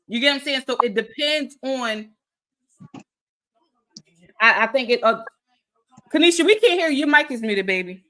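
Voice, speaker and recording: This woman hosts a casual online chat, speaking in with a bright, forceful tone. She talks with emphasis and keeps turning to her audience with direct questions. Her voice sits on the higher side. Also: expressive, moderate pace. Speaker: host. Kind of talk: casual video-call chat.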